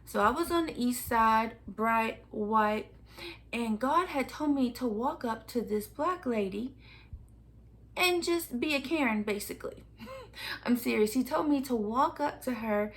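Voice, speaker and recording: A woman vlogger telling a personal story in a casual, animated way, often laughing between phrases. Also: fairly high pitch, measured pace.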